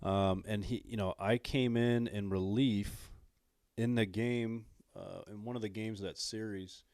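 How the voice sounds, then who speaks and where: A low-voiced man talks about his playing days in an easy, unhurried way, scattering "you know" and "um" through his sentences. The sound is dry and close, with no room around it. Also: clear, resonant tone, no echo. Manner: relaxed, frequent fillers and "you know". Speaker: guest, former pro pitcher. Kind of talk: casual interview chat.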